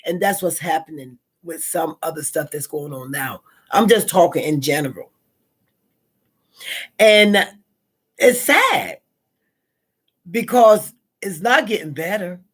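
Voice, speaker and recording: A woman's voice: lowish voice, animated, slow pace, pauses often, husky. Rambling Southern-accented woman host. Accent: Southern American. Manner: rambling, repeats herself, frequent fillers. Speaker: live stream host. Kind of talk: casual spoken reflection.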